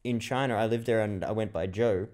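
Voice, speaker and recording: A man's voice: fairly low pitch, a little fast, darkish tone. A man co-hosting a podcast, teasing his partner with wry jokes in casual comedic chat. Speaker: podcast co-host.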